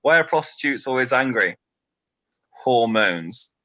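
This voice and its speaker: A British man in his twenties doing a stand-up set, delivering deadpan one-liners with nervous asides to a quiet crowd. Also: medium pitch, unhurried, no room sound, rough recording. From Britain. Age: 20s. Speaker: stand-up comedian.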